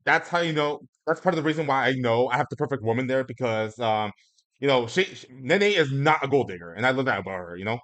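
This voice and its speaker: A man hosting a live-stream talk show, speaking hesitantly with many pauses and restarts. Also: mid-range voice, lively intonation, fairly bright tone. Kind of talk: casual chat on a live stream.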